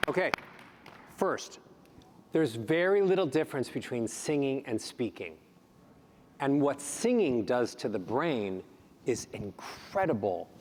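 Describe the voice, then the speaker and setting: A man who is a voice coach, speaking on a conference panel and demonstrating speech melody with sweeping pitch changes. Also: a little hiss or hum. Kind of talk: panel talk with vocal demonstrations. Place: large hall on a conference stage. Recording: long hall reverb.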